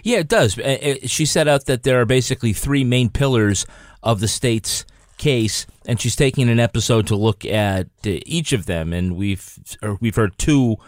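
Measured man on a podcast. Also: mid-range voice, lively intonation, dry recording, clean studio sound. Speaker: podcast guest. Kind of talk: casual podcast discussion.

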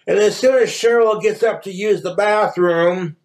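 A man's voice: sits high, normal speed. A man from Wyoming rambling through profane jokes on a comedic livestream monologue. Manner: profane, rambling joke-telling.

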